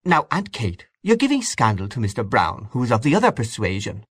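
A man voicing a tactful young woman who gently coaxes others to make peace. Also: medium pitch, huge pitch swings, fairly quick, breathy edge, dry recording, full character voice. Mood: coaxing. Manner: gently coaxing.

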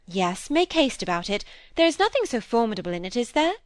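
A woman's voice: medium pitch, lively intonation, moderate pace, dry recording, natural voice. A woman voicing a sweetly genteel, impatient lady. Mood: genteel coaxing. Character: genteel, pleasant governess-like lady, impatient underneath. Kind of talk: audiobook character reading.

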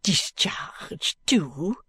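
A man's voice: on the high side, slow, creaky, breathy edge, no room sound, clean studio sound, exaggerated voice. A man putting on a furious maid. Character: fiery young French lady's maid, furious and scornful.

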